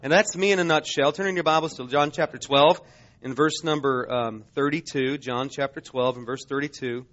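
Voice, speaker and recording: Male preacher, forties, mid-pitched voice, emotional halting delivery, slightly dull recording. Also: a bit bright. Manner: halting, emotional storytelling with many restarts. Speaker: missionary preacher. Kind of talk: sermon testimony.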